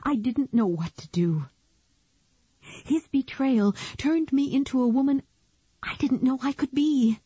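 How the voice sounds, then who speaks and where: A vulnerable woman in love, torn and emotional, played by a female audiobook narrator. Her voice sits higher and breathier than the narration around it, mellow and close on a dry recording. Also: unhurried, long pauses, slightly rough, no echo. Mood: anguished.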